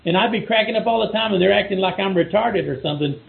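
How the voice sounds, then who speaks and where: A man's voice: sits high, quick pace, creaky. A middle-aged man from Texas with a Texan accent, rambling in casual chat with many restarts and repeated words as a guest on a call. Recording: phone-like call audio.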